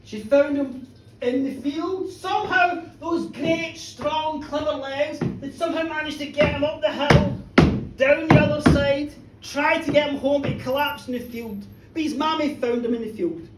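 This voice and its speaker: A storyteller telling a comic horror tale live to a pub audience, animated and teasing the listeners. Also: sits high, normal speed, over loud music. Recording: echoey pub room, distant mic.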